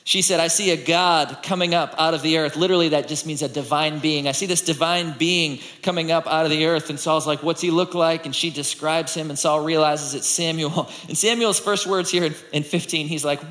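A man preaching a sermon in a conversational, animated way, reading scripture and acting out the people in it. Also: fairly high pitch, brisk, few pauses. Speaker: pastor. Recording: long hall reverb.

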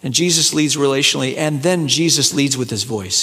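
A man preaching a sermon, rising to excited peaks and then falling soft and low. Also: fairly quick, few pauses. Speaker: pastor. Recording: echoey hall with long reverb.

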